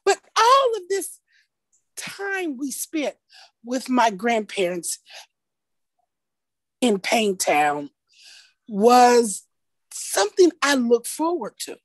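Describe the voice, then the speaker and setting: A woman telling a personal story at a story slam over a video call, in a slow, expressive, folksy way. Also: on the high side, dry recording.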